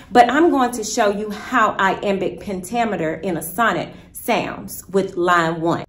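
A woman teacher giving a recorded virtual lesson, explaining step by step in a patient, deliberate way. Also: fairly high pitch, echoey room.

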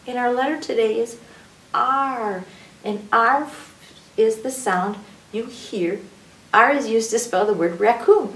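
A woman's voice: a little high, unhurried, a bit bright, slight background noise. A woman hosting a children's story time, teaching alphabet rhymes and drawing out each letter's sound. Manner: sing-song, stretches out letter sounds. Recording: echoey room, picked up from a distance.

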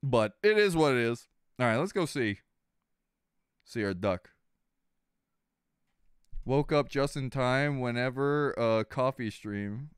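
A man streaming a game, chatting casually, excitable and swearing, jumping into shouts and tangents. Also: medium pitch, slow, long pauses, smooth, no echo, clean studio sound. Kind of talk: let's play commentary.

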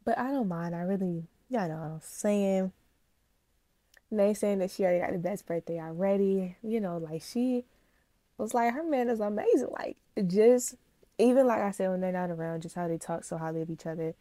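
A woman reaction vlogger in a casual chat to her viewers, speaking, animated, gushing and emotional. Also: medium pitch, moderate pace, no echo. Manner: chatty, animated, addresses viewers as y'all.

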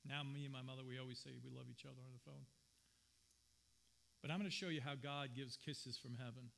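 A man's voice: mid-range voice, fairly even intonation, brisk, creaky, fairly bright tone. A man preaching a sermon as pastor, earnest and personal, telling stories from his own life in a church. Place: church sanctuary.

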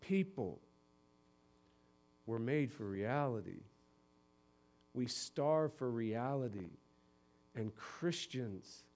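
This man, a Connecticut pastor, gives a sermon with an easy, conversational energy. He moves back and forth between soft moments and forceful stretches, speaking in a mid-range voice.

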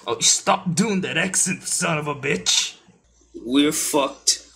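A woman's voice: sits low, slow pace, fairly bright tone, poor audio. A woman streamer rambling through casual commentary, giggling and cracking crude jokes.

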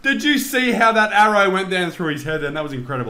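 A young man commentating on his own gameplay, excitable, swearing and shouting at the game. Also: high voice, fast. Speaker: gaming channel host.

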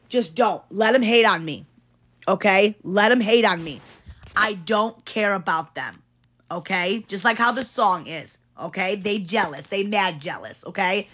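A woman's voice: mid-range voice, a bit bright. A woman livestreaming to her chat, talking casually and earnestly, repeating herself and checking in with "okay?" as she urges viewers to ignore online hate. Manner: repetitive, keeps adding "okay?" to reassure viewers.

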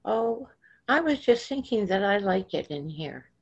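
A woman voicing a small, gentle, earnest boy who speaks in a childlike, plaintive way. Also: medium pitch, sing-song, unhurried, breathy edge, pitched above the performer's own voice, heavily acted. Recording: dull lo-fi recording.

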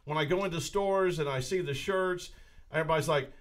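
Man, podcast host, casual studio chat, slightly high voice, joking, opinionated. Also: a little fast.

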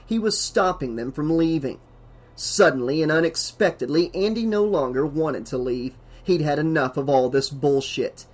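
A man's voice: fairly high pitch, expressive, normal speed. A man reading a horror novel aloud as an audiobook narrator, with dramatic emphasis.

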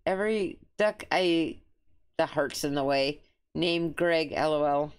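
A woman's voice: sits low, takes it slowly, clear, resonant tone. A woman hosting a let's play, chatting casually and reading game dialogue aloud. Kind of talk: casual gameplay commentary.

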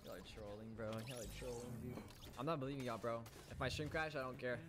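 A man's voice: medium pitch, fast. A man chatting casually while gaming, laid-back, tossing in "bro" constantly. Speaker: fellow streamer. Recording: noisy background.

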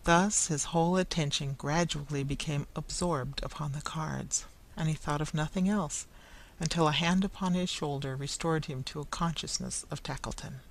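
A narrator reading a classic story aloud in a measured, even storybook manner. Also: medium pitch, poor audio.

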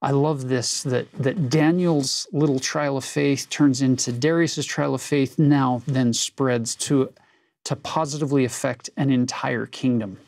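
A man's voice: medium pitch, fairly even intonation, unhurried, vocal fry, darkish tone, dry recording. A man co-hosting a conversational Bible lesson, earnest and reflective as he reads and explains scripture. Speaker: scripture study co-host.

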